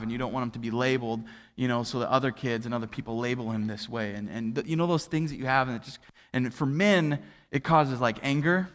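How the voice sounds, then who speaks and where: A man preaching a sermon as a pastor, telling a family story in a loose, conversational way with many fillers and restarts, and falling to a near hush at the tender parts. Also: mid-range voice. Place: church auditorium. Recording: livestreamed with long hall reverb.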